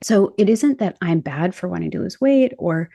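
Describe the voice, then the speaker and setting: A woman with a fairly low, creaky, mellow voice and lively intonation speaks at normal speed in clean studio audio with no echo. She's a podcast host and body image coach in a casual conversation, talking animatedly, laughing often and acting out what people said.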